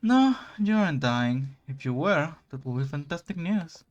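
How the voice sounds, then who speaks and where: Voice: mid-range voice, lively intonation, moderate pace, lo-fi sound, soft background music, close to an everyday voice. A streamer voicing a grim reaper in a visual novel, reading his lines with dry, exasperated put-downs. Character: grim reaper, aloof male, blunt and sarcastic. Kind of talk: reading game dialogue aloud.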